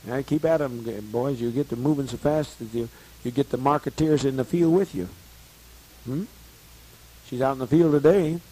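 A man's voice: medium pitch, normal speed, warm tone, rough recording. A man leading a group meeting in a blunt, teasing way, prodding people for questions. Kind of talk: casual meeting talk. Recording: hissy old tape recording.

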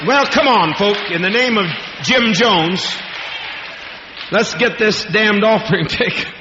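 A man's voice: sits high, measured pace, noisy background. A man preaching a fiery, profane, rambling sermon to a congregation in a large hall. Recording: echoey hall, dull lo-fi archival tape.

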